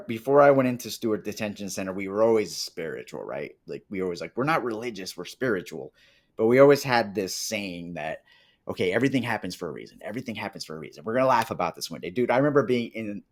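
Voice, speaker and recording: Low-voiced Colombian-born man telling his story. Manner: animated, acts out quoted dialogue. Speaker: podcast guest. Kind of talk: casual interview storytelling.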